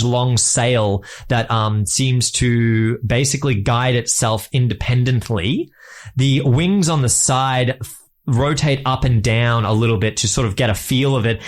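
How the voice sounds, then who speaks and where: A man narrating a tabletop role-playing session as its game master. His descriptions wander and halt, full of little fillers as he hunts for the right word, at a middling pitch. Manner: rambling, halting descriptions with fillers and laughs.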